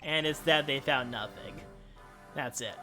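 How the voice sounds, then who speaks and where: A woman's voice: on the low side, big pitch swings, normal speed, music in the background. A woman voicing a brash, blunt male agent who swaggers in a game let's play. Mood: cocky.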